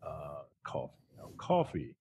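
A man's voice: very deep voice, huge pitch swings, a little slow, mellow, breathy edge. A man co-hosting a podcast, casually recapping movie scenes with slang and fillers. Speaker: podcast co-host. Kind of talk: casual film review chat.

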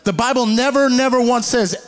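A male pastor with a high, light voice preaches with lively energy. He acts out the people he quotes and slows right down when he reads scripture. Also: faint music behind. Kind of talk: sermon.

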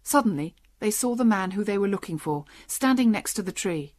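A woman narrating a simple storybook for English learners in a clear, steady reading. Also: mid-range voice, a little fast, few pauses.

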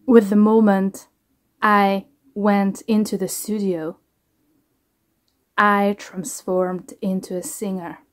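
A woman speaking slowly and softly in a casual vlog, her sentences halting and restarting as she gathers her thoughts. Her voice sits at an ordinary middle pitch, unhurried and reflective. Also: flat delivery. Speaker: singer. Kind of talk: casual reaction vlog talk.

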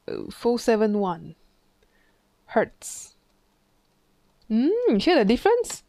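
A woman's voice: a little high, sing-song, takes it slowly, vocal fry, pauses often, warm tone, no room sound. A woman physics tutor, talking through an exam question in a chatty way, thinking aloud and imitating sounds. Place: classroom.

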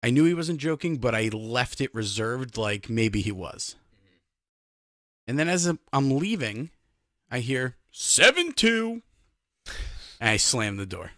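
Man, podcast host, emphatic casual chat, mid-low voice, dry close recording. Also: lively intonation, a little slow, dry recording. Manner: emphatic, talks straight to listeners.

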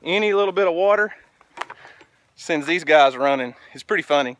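A man's voice: a little high, expressive, moderate pace, fairly bright tone, slight background noise. Winded man vlogging outdoors. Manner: folksy, talks to camera and coaxes goats. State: out of breath. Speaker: homestead vlogger. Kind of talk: casual outdoor vlog. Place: outdoors by a creek on a farm.

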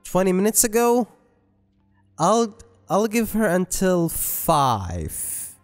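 A man's voice: high voice, wildly swooping pitch, takes it slowly. A man commentating on gameplay, joking and rambling with self-mocking asides. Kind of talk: let's play commentary. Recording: long reverb with game music.

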